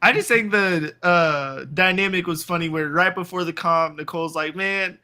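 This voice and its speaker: A man's voice: high voice, moderate pace, bright, forceful tone. A man chatting on a podcast, retelling scenes with playful act-outs. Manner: storytelling, acting out scenes. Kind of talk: casual chat.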